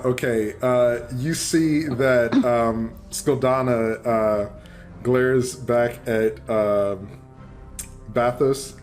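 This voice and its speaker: A man narrating a tabletop role-playing session as game master, relaxed and full of small fillers. He talks at a slow, unhurried pace, with faint music underneath. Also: medium pitch.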